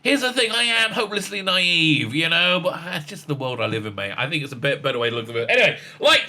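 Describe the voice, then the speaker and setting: Excitable man with a bright voice. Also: on the high side, fast talker, few pauses. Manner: excitable, rambling, many fillers and restarts. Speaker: rabbi and online commentator. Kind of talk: casual commentary vlog.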